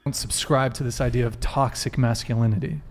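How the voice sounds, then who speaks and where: A man with a mid-range voice in a discussion clip. He argues in a measured way, carefully qualifying his points. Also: medium pitch, steady tone, slight background noise.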